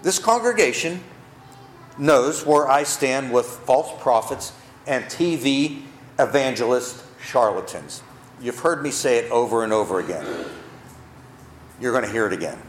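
A man's voice: mid-range voice, animated, measured pace, reverberant, a little hiss or hum. A man preaching a sermon to his congregation, emphatic, asking the listeners questions and answering them himself. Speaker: pastor. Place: church.

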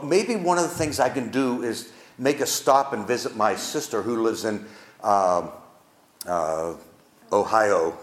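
Older male pastor telling a heartfelt story. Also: medium pitch. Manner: heartfelt, emphatic, repeats phrases. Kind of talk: storytelling sermon. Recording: roomy echo.

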